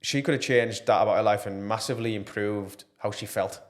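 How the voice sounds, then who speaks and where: A man's voice: fairly low pitch, brisk. A man talking earnestly and passionately as a podcast guest, with plenty of fillers. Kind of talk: casual podcast interview.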